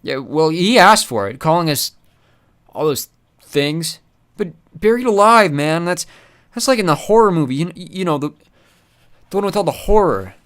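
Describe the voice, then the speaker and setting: A man doing a dim brash hitman, loud and raised, rambling, blustering. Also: a little high, expressive, racing, hardly any pauses, voice pushed up.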